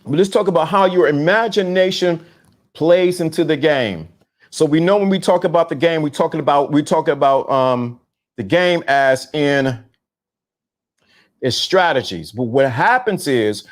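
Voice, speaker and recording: A middle-aged man hosting a casual live stream, talking in slang, repeating himself and giving shout-outs to viewers. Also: mid-range voice, expressive, unhurried. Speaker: host of a talk show on dating game. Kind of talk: casual live-stream talk reading chat.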